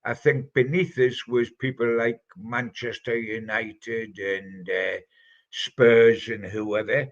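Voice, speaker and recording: A man's voice: medium pitch, steady tone, takes it slowly, lo-fi sound. An older man with a Geordie accent, a football pundit telling fond, rambling anecdotes on a fan podcast. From North East England. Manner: chatty, anecdotal, fond reminiscing. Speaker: football pundit answering listener questions. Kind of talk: storytelling, casual podcast chat.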